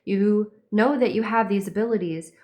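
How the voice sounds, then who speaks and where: A woman's voice: medium pitch, normal speed, dull audio. A young woman giving a casual spiritual reading, meandering and dreamy, with lots of fillers. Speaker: tarot and horoscope reader.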